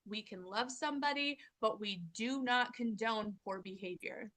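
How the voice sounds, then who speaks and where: A woman's voice: a little high, normal speed, a bit bright. A woman hosting a parenting channel, talking earnestly to camera in a casual motivational style and acting out her own inner dialogue.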